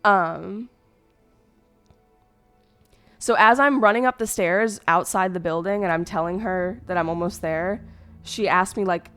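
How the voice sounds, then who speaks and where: Young woman, streamer, casual chat, rambling and hurt, smooth clear voice, faint music behind. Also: medium pitch, normal speed, fairly bright tone. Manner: rambling, hurt storytelling with many fillers and restarts.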